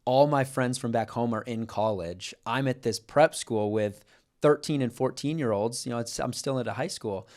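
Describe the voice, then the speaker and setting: A man's voice: medium pitch, moderate pace, darkish tone. A young man from Kansas co-hosts a podcast in a mid-range voice. He talks in an earnest, reflective way and often restarts his sentences while he thinks. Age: young adult. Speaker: podcast co-host. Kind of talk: casual podcast chat.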